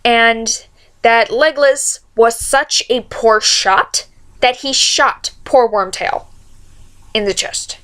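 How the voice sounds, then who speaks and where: A woman vlogger delivering an excitable, rambling rant to her viewers. Her voice sits slightly high, and she keeps cutting herself off to fix names and details. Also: takes it slowly. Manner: rambling, excitable, self-interrupting. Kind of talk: casual fan rant to camera.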